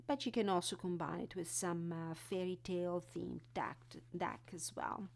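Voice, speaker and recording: A woman walking through an oracle card deck, reading card texts and explaining them in an unhurried way. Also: on the low side, steady tone, gravelly, slight background noise. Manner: unhurried, reads card text then explains with fillers.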